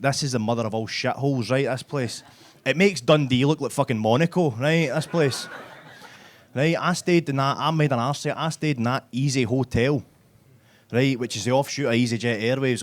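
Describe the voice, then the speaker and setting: Performing a live stand-up set at a comedy club, this medium-pitched Glaswegian man is brash and swears freely. He talks to the crowd directly, often tagging his lines with "right?".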